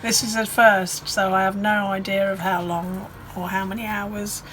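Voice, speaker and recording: A woman chatting casually on a narrowboat vlog, teasing and quick to laugh. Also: mid-range voice, level tone, a bit bright, soft background music. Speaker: vlog co-host. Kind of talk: casual chat.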